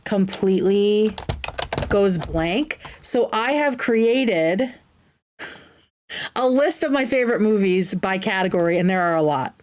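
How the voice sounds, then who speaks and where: A woman's voice: mid-range voice, animated, unhurried, darkish tone. Chatty woman hosting a livestream Q&A. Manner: chatty and enthusiastic, drifting into tangents. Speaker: livestream host. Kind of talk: casual livestream Q&A, reading viewer questions aloud.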